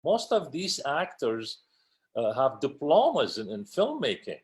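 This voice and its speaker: A man's voice: mid-range voice, wildly swooping pitch, a little slow. A man being interviewed as a casting director and producer, talking with passion and force, often repeating himself for emphasis. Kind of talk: interview conversation.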